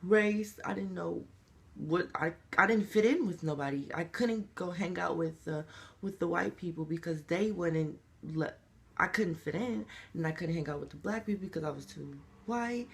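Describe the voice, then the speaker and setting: A man's voice: high voice, moderate pace, creaky, a bit bright. A young man telling his story in an emotional, rambling confessional vlog. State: crying. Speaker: vlogger.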